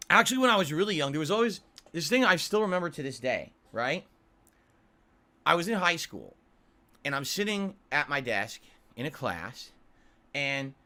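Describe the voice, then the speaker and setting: A man's voice: a little high, pushed and bright. A man, a longtime YouTuber and streamer, ranting to his viewers in a blunt, profane way and often tagging his points with a question. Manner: blunt and profane, keeps asking "right?".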